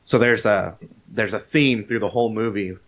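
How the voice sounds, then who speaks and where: Male podcast co-host, lowish voice, casual profane storyteller, dull lo-fi audio. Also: normal speed. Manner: animated storyteller, swears freely, acts out quotes. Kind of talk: casual chat retelling a movie.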